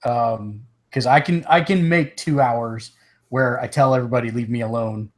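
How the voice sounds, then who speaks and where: A man co-hosts a gaming podcast, his mid-range voice moving at a moderate pace through loose, casual chat. He has the hiccups and laughs easily along the way.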